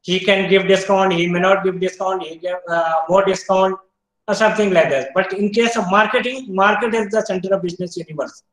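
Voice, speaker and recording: A man with an Indian English accent giving an online university lecture, explaining step by step, quizzing students, often pausing with "uh". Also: sits high, fairly even intonation, a bit bright, roomy sound, rough recording. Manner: explains step by step, asks students questions, frequent "uh" fillers.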